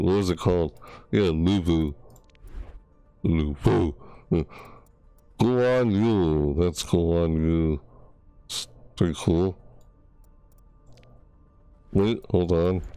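Male gaming host, dark and dry-sounding, slow and excitable, gushes over new unlocks. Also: deep voice, clear, resonant tone, no room sound. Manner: excitable, gushing, yelps and gasps at new items; stumbles over names. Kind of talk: casual game showcase commentary.

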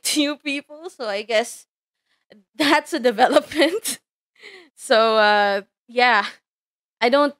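Awkward inventor type, hesitant and halting, played by a woman in a lowered voice, slow. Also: a bit bright, clean tone, no room sound. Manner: hesitant, halting, full of ums. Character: awkward shy scientist who built a robot girl. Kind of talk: live stream role-play.

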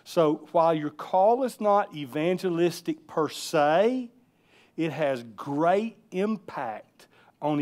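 A man teaching a live class on interpreting dreams, explaining meanings in a relaxed, conversational way and checking in with the group. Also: on the high side. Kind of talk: church teaching session.

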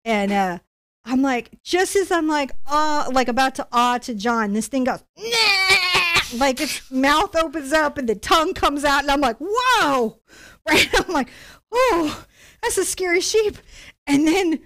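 A middle-aged woman leads a live-streamed painting lesson. She tells stories in a chatty, animated way and laughs often. Her voice sits fairly high. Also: normal speed. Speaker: painting instructor.

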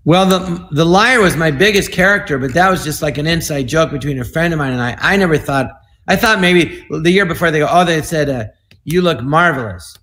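Comedian, male, 60s, casual anecdotes with quick voices, voice sits a touch high. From United States. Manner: animated, slips into quick impressions and voices. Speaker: comedian guest on an online panel. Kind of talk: casual storytelling.

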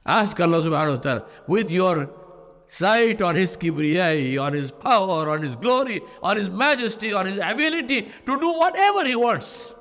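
A man giving a sermon as an imam in a mosque, telling a story with lively pitch shifts and repeated phrases. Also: normal speed. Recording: long hall reverb.

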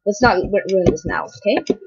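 A woman's voice: mid-range voice, animated, normal speed, breathy edge, muffled recording. A woman doing let's-play commentary, mocking herself and talking herself through the game on a built-in computer mic. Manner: self-deprecating, talks herself through play. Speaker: gaming video creator.

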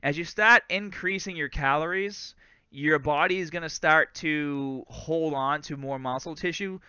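A man's voice: on the high side, unhurried, pushed and bright, clear, resonant tone, no echo, muffled recording. A man in his thirties from Massachusetts with a light Boston accent, hosting a casual live fitness Q&A, chatty and laughing often. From Lawrence, Massachusetts. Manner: chatty, laughs often, says "bro" and "guys". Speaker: fitness host. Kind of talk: live stream Q&A, casual chat.

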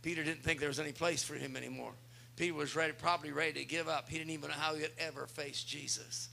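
A man's voice: fairly high pitch, fairly even intonation, quick pace, gravelly, pushed and bright, slight background noise. A male pastor preaching a sermon, speaking with emphasis and turning often to address the congregation.

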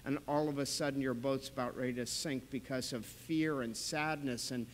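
A male pastor preaching a sermon in a church, telling stories in an animated way with sudden loud bursts. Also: medium pitch, moderate pace, big-room sound, a little hiss or hum, rough recording. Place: church sanctuary.

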